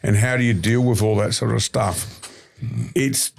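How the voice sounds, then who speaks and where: A middle-aged Australian man talks as a guest on a podcast. His voice is fairly low, and he tells his stories bluntly in a slangy, casual way. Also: fairly even intonation, normal speed, creaky.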